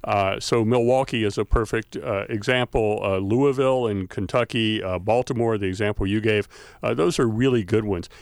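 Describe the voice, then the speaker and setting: Low-voiced man explaining on the radio. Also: moderate pace, dry recording, studio quality. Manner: thoughtful, many uh fillers. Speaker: guest expert, folklore and language scholar.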